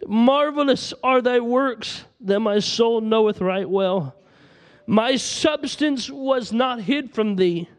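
A preacher with a strikingly high-pitched voice delivers a sermon. He speaks with passion and recites scripture at length to his congregation. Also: slow pace. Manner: impassioned, reciting scripture aloud.

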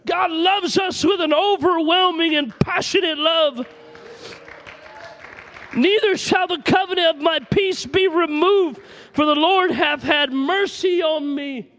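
A man's voice: very high-pitched, takes it slowly, a bit bright, a faint crowd. A man preaching a sermon, passionately reciting scripture aloud to his congregation.

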